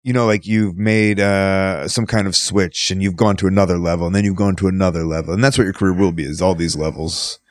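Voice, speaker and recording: A man with a lowish voice hosts a laid-back chat and stretches his words out when he asks questions. His voice sounds dry and close to the mic. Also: fairly even intonation, a little fast, few pauses, dry recording. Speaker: podcast host, wrestler. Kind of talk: casual interview chat.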